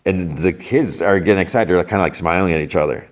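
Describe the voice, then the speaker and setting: Deep-voiced podcast guy rambling through a show recap, lots of likes and ums. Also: fast. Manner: rambling, loose retelling with many fillers. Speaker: podcast host. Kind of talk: casual episode recap.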